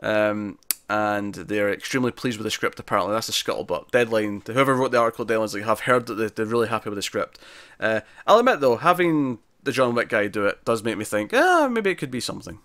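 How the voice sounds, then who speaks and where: A man's voice: lowish voice, fairly quick, no room sound. Scottish man chatting movie news. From Scotland. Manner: animated, does joking put-on voices. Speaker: podcast co-host. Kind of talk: casual movie news chat.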